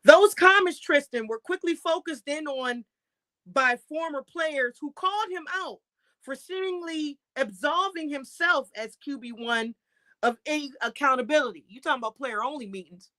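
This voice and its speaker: A woman co-hosts a live sports talk stream, heated and pointed, firing off rhetorical questions one after another. Her voice sits high and sounds sharp and bright. The sound is close and dry, with no room around it. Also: measured pace, no echo, low-quality recording. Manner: fiery, fires rhetorical questions.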